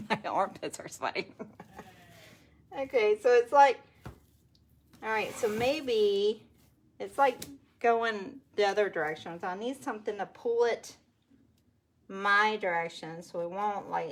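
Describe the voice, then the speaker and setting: A woman's voice: medium pitch, unhurried, long pauses. A woman hosting a casual live craft stream, chatting to viewers and laughing often. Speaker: craft livestream host.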